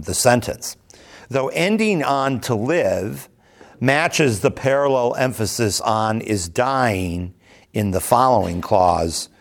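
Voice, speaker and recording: A man reading a scripture passage aloud, then explaining it in a measured teaching manner, often pausing with "um" and asking "right?". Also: mid-range voice. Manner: measured, explanatory, with frequent ums and rhetorical "right?". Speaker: Bible teacher. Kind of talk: verse-by-verse scripture lesson.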